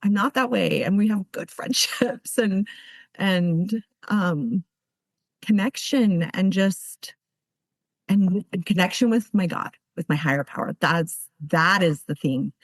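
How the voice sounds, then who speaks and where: A woman's voice: medium pitch, slow pace, dry recording. Brief: woman, heartfelt recovery share, mid-range voice, close dry sound. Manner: earnest, heartfelt storytelling with many restarts. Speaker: speaker at a recovery meeting. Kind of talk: personal testimony.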